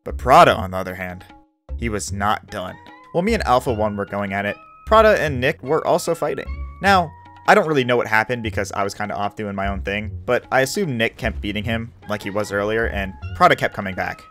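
A man's voice: on the low side, lively intonation, a little fast, fairly bright tone, soft background music. A man giving casual, wry narration over his gameplay as a gaming YouTuber. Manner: wry, laid-back storytelling.

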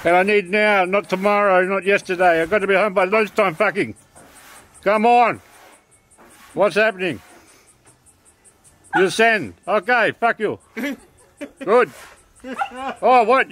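A man's voice: high voice, fairly bright tone. A man voicing a grumpy, foul-mouthed father who runs a concreting crew in a comedy sketch. He swears constantly in broken English.

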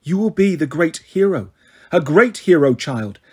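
A man voicing a wise, patient male centaur teacher in an audiobook, speaking in a measured, firm and gently insistent way. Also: a little high, big pitch swings, husky, heavily acted. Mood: grave, gentle. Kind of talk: audiobook character reading.

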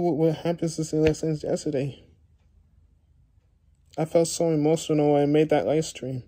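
Tearful young man, very dark tone. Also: fairly high pitch, little pitch movement. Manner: halting, many repeated words and restarts. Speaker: YouTuber. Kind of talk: emotional vlog talk to viewers.

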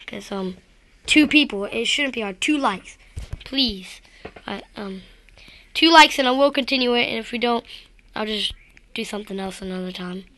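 A woman's voice: fairly high pitch, a bit bright. A woman giving rambling, self-deprecating gameplay commentary straight to her viewers. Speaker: gaming video creator.

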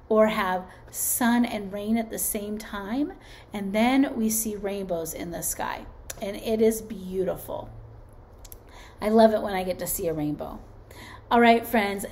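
A woman's voice: on the high side, darkish tone. A woman preschool teacher leading circle time and reading aloud to young children in an encouraging way. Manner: slow, encouraging, talks to children as friends.

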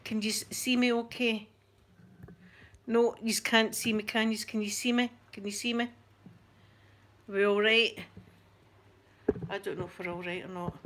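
Bright-voiced Scottish woman chatting to camera. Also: medium pitch, fairly even intonation, measured pace, pauses often, slight background noise. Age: 40s. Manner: rambling and self-mocking. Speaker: YouTuber.

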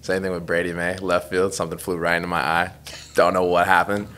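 This co-host, a young man in his twenties, has a deep, level voice that runs a little fast and a bit bright. He laughs his way through a wandering, self-deprecating tale in an easygoing podcast chat.

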